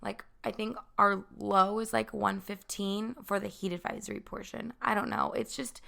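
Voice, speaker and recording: Raspy hoarse young woman podcaster. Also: mid-range voice, fairly even intonation, moderate pace. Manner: chatty, rambling, talks loud. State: hoarse from talking loud. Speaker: podcast host. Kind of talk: casual chat podcast.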